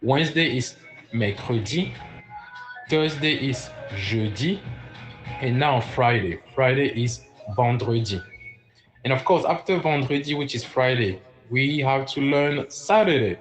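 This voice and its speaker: A man's voice: mid-range voice, measured pace, faint music behind, poor audio. A man teaching a casual livestream French lesson, spelling words out letter by letter and greeting viewers by name. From French-speaking.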